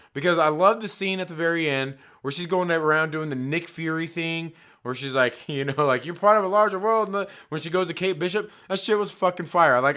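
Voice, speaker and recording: Bright, profane man ranting. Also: a little high. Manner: profane, heated, rambling, many fillers. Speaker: movie commentary host. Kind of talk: casual rant, film review.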